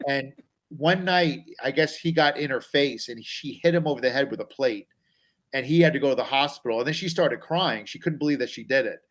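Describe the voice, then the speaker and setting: A man's voice: mid-range voice, a little fast. A man, a comedian guest, telling stories about himself in a rambling, self-deprecating, anxious way. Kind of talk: casual comic storytelling.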